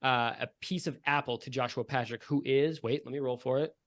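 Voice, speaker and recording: A man's voice: mid-range voice, steady tone, a little fast. A man narrating a comedic tabletop game as game master, casual with many fillers.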